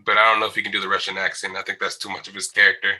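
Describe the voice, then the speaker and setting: Very bright, lower-pitched man chatting casually. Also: completely flat delivery, very fast, low-quality recording. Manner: laid-back, short agreeing replies, laughs easily. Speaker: podcast co-host. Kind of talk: casual chat.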